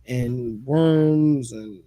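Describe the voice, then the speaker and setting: A man's voice: mid-range voice, very slow, mellow, no echo. A man hosting a casual chat, telling stories animatedly with lots of profane slang and frequent laughter. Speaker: podcast host.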